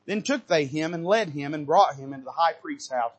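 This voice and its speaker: A man preaching a sermon from a church pulpit, moving between quiet asides and loud, rising bursts of passion. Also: on the high side, animated, fairly quick. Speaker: pastor. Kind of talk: fiery sermon.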